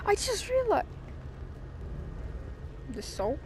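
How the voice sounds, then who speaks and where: A woman's voice: high voice, lively intonation, moderate pace, a little hiss or hum. A woman playing a spooky video game and commenting as she goes, jumpy and exclaiming, with the odd curse. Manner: jumpy, exclaiming, swearing now and then. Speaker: gamer. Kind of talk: let's play commentary.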